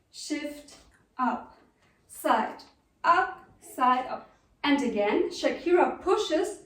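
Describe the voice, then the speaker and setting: A young woman with a German accent teaching belly dance, patiently counting and calling out the steps as she dances. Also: high voice. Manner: patient, counts steps aloud while dancing. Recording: echoey room from far off.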